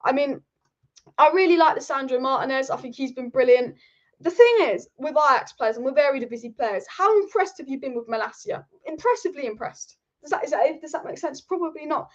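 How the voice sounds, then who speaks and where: High-voiced woman hosting football chat. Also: brisk, highs cut off. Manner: animated, reads out viewer comments, swears casually. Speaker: football channel host. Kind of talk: live-stream football chat.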